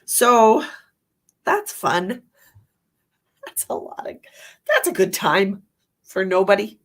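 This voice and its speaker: A woman with a stuffy nose from allergies hosts a psychic livestream, giving tarot readings and chatting casually with viewers. She's chatty and rambling, laughs at herself, and speaks slowly in a mid-range voice with big pitch swings.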